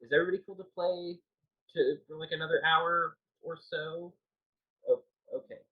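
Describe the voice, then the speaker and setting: A man's voice: fairly high pitch, fairly even intonation, moderate pace. A man narrating as game master for a tabletop game, hesitant with many ums and uhs. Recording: tinny call audio.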